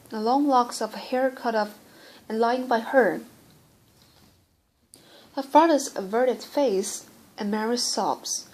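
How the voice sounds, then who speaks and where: A woman narrating an audiobook in a steady reading voice that often stumbles and restarts words. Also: on the high side, slight background noise, rough recording. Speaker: audiobook reader.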